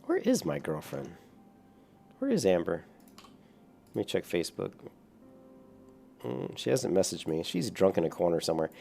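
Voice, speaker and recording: Gravelly low-voiced man rambling while gaming. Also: big pitch swings, normal speed, pauses often, warm tone, soft background music. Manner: rambling, swears casually, chuckles often. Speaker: gaming streamer. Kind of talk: casual gameplay chat with viewers.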